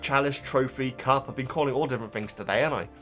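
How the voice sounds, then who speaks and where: A man's voice: medium pitch, fast talker, a bit bright, soft background music. A man chatting casually as a YouTube reactor, reading out viewer comments and rambling, often stumbling over repeated words. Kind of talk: casual chat.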